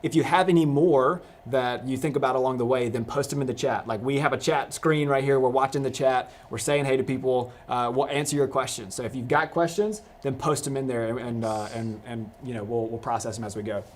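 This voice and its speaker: A man's voice: medium pitch, steady tone, fairly quick, hardly any pauses. A young man hosting a live youth discussion, casual and rambling, with many restarts. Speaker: youth pastor host.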